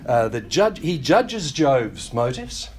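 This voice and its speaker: In a sing-song, mid-range voice, a pastor delivers a conversational teaching sermon, dropping wry comments and rapidly acting out quotes from others.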